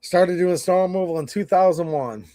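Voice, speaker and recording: A man's voice: sits high, moderate pace, mellow, no room sound. A man in his forties hosting a livestream, rambling and stammering in a blunt, frustrated way. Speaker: livestream host. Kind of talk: casual livestream rant.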